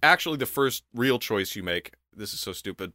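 A young man in casual comedic chat, telling an animated story full of laughter and swearing. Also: fairly low pitch, a little fast, no echo, clean studio sound.

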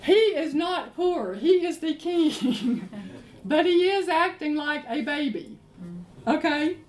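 A woman preacher, giving a sermon in an emphatic, animated storytelling way. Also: high-pitched, takes it slowly, a little hiss or hum. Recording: roomy echo, faint ambience.

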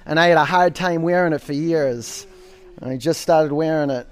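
A man with a somewhat high voice leads a yoga class in a studio. He calls out poses, counts down each hold and jokes and pushes his students in a coaching manner. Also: normal speed. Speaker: yoga instructor. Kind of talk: live class instruction.

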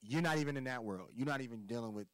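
This Philadelphia man, a guest on a podcast, hands out life advice in casual conversation, speaking emphatically and profanely and hammering his points home by repeating words. His voice is medium in pitch and rapid-fire, recorded with no echo but poor audio quality.

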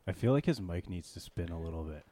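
A man in a casual podcast chat, making quick quips and directing a guest on the mic. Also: low voice, animated, warm tone.

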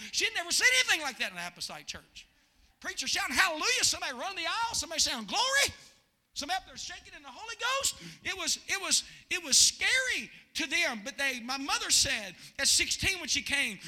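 Brief: male pastor with a very high, piercing bright voice, preaching and moving between booming shouts and soft storytelling. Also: animated, fairly quick. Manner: preaches with swings from loud shouting to hushed storytelling. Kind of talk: sermon.

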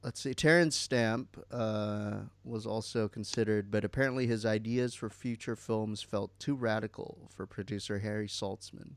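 A man's voice: fairly low pitch, steady tone, moderate pace, few pauses, no echo. A man co-hosting a podcast, casually reading out a list and joking. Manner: reads from a list, light joking. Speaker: podcast co-host. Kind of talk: casual chat.

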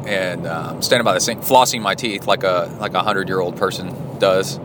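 A man records a rambling training-log monologue on his phone in a locker room, chatty and full of fillers. His voice sits on the low side, with a faint hum of noise behind him. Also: fairly even intonation, fairly quick. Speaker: podcast host.

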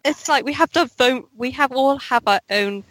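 A woman chatting casually on a film podcast, piling on fillers and restarts. Her voice is bright and a little high. The sound is dry and close, with no room around it. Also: normal speed, dry recording, low-quality recording. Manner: chatty, lots of likes and restarts. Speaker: podcast co-host.

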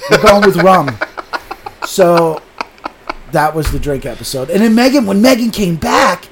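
A man's voice: on the high side, background noise. A man telling a long story in a casual podcast chat, swearing often and animatedly acting out what people said.

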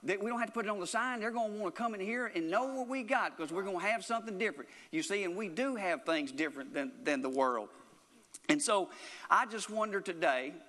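A man's voice: high-pitched, expressive, fairly quick, bright, forceful tone, long reverb tail. A man preaching a sermon in an earnest, repetitive way, often restarting his phrases.

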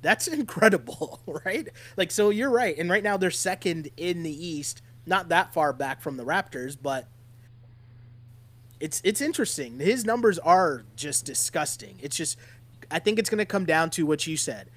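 A man's voice: fairly high pitch, moderate pace. A man co-hosting a casual sports podcast, talking animatedly and often checking in with his partner. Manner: animated, keeps checking in with "right?". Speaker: podcast co-host.

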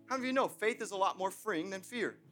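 A young adult man preaching a sermon as pastor, swinging between shouted emphasis and joking asides. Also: high voice, animated, quick pace, soft background music.

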